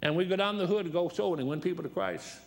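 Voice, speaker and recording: Man, guest preacher, folksy rambling sermon, slightly high voice. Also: quick pace, vocal fry. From Detroit. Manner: folksy, rambling anecdotes with repeated restarts. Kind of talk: storytelling sermon.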